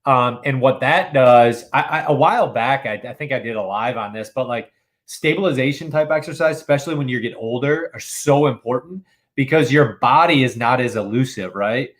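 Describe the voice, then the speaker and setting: A man's voice: mid-range voice, moderate pace. A man in casual podcast chat, explaining with enthusiasm, many restarts, and frequent use of "dude". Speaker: podcast co-host.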